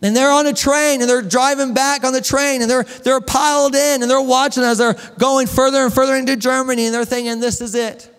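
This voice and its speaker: A man with a very high voice preaches to his congregation, telling a story and tossing questions to the crowd with a joke now and then. The sound rings out with a long echo through a church hall. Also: fairly even intonation, fairly quick, hardly any pauses, a bit bright, clean tone. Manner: storytelling, asks the congregation questions, jokes and laughs. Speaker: pastor. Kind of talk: sermon.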